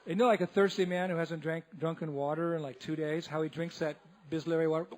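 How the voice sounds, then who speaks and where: Male monk lecturer, high-pitched, lively comic storyteller who breaks into laughter. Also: fast, a little hiss or hum. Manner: animated, laughs often, acts out others' voices. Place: temple hall.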